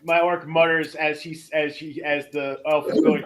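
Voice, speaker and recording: A male player in a tabletop game, calling out rolls and actions with eager energy. His voice sits a little higher than most men's, with faint music underneath. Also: level tone, normal speed, hardly any pauses, a bit bright. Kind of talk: casual tabletop game play.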